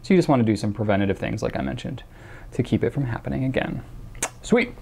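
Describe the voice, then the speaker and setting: A man's voice: mid-range voice, very fast, vocal fry, mellow, slight background noise. A man hosting a casual question-and-answer show, talking chattily with many fillers and restarts. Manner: reads out a viewer's question in a mock accent. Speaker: host answering viewer questions. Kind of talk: casual chat.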